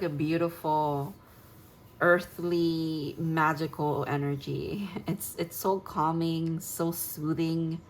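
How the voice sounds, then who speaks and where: Low-pitched woman tarot reader, dreamy and gushing, loose rambling reading, faint hum behind. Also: poor audio. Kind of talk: casual spoken tarot reading.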